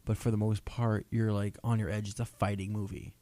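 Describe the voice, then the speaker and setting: A young man co-hosting a casual, rambling talk show, playful and quick to laugh. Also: lowish voice, flat delivery, dark tone, no echo. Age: young adult. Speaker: co-host. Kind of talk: casual chat.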